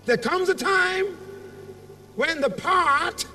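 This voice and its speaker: Speaking slowly with every word drawn out, a motivational speaker whose voice is strikingly high, pushed and bright dramatizes his story and invites call-and-response from a big convention-hall audience. He's miked from a distance over faint background music.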